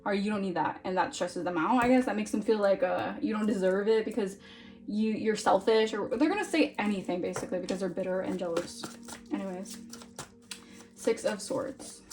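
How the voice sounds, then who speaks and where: A woman's voice: medium pitch, fairly even intonation, fairly quick, noisy background. Chatty woman doing a tarot reading. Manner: chatty, repeats "all right?" often. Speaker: tarot reader.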